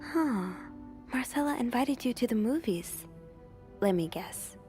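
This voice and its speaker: A hushed, knowing game girl. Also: a little high, animated, a little slow, faint music behind. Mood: teasing.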